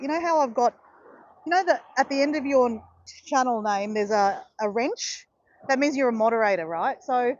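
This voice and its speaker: A woman's voice: fairly high pitch, muffled recording, a little hiss or hum. An Australian woman hosting a casual livestream, chatting with viewers in a rambling, encouraging way full of fillers. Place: outdoors in southeast Queensland.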